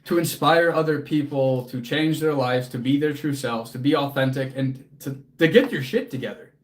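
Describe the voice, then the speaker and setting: A man's voice: mid-range voice, moderate pace. A man hosting a casual livestream as a fitness coach, answering chat in an earnest, motivational way, casually swearing and close to tears.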